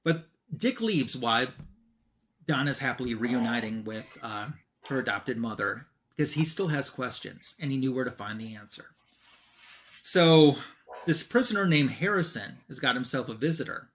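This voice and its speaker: A man's voice: medium pitch, expressive, normal speed, fairly bright tone, slight background noise. Man casually recapping a comic story. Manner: retells scenes with "he's like" quotes. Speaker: co-host.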